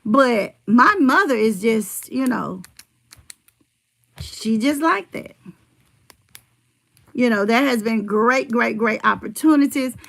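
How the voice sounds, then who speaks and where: A woman's voice: fairly high pitch, slow pace, creaky, long pauses, fairly bright tone. A middle-aged woman rambling in casual livestream chat, telling family stories and answering her viewers' comments.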